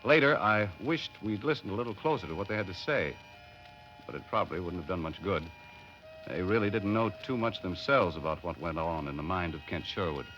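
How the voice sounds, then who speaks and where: A man's voice: sits low, brisk, fairly bright tone, soft background music. An actor playing a laid-back boat captain who narrates his own story, in a 1950s radio drama with an old, dull broadcast sound. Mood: calm. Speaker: narrator and lead character.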